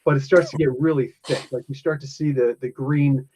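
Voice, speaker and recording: A man's voice: medium pitch, steady tone, a little fast, warm tone, slight background noise. Rambling man from New Jersey, dull sound. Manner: rambling, chuckling narration with fillers. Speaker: game master. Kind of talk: narrating a tabletop game.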